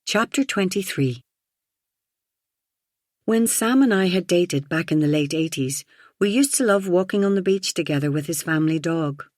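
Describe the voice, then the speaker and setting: A woman narrating a first-person audiobook thriller in an even, reflective storytelling manner. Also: on the low side, no room sound, studio quality.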